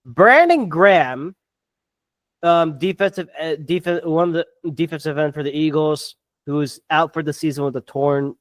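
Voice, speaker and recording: A podcast co-host in a full sports rant, voice pitched in the middle of the range and recorded dry and close to the mic. The talk runs hot and fast, with curses and repeated stumbling starts as the thoughts pile up. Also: no room sound. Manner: fast, fired-up, swearing, stammering restarts.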